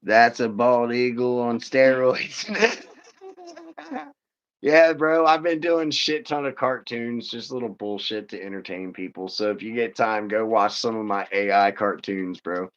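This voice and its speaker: A man's voice: medium pitch, lively intonation, measured pace, a bit bright. A man hosting a casual livestream, joking crudely and reading chat comments aloud. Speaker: livestream host. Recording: dull lo-fi stream audio.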